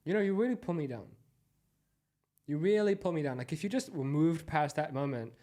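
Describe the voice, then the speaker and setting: A man's voice: fairly high pitch, expressive, moderate pace, warm tone. A young man co-hosting a podcast, trading dry teasing jokes in casual banter. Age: young adult. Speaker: podcast co-host.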